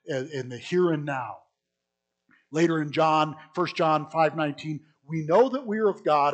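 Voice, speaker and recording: Emphatic preacher man, higher voice. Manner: emphatic, swinging between loud stresses and quiet asides; addresses listeners as folks. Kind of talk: sermon.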